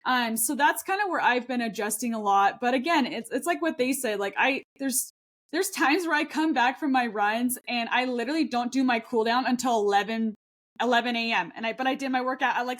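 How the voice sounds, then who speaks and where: A woman in her thirties talks through a podcast chat in a slightly high voice. She rambles earnestly, circling back with fillers and restarts, and speaks from the heart. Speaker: podcast co-host. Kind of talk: casual chat.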